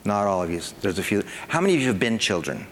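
A man preaching a sermon to a congregation, animated, with a rising pitch whenever he acts out an excited parent. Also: fast, slight background noise. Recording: long hall reverb.

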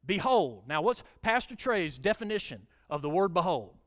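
A middle-aged male pastor preaching a sermon, reading scripture aloud and swelling loud on key words. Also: sits high, sing-song, normal speed.

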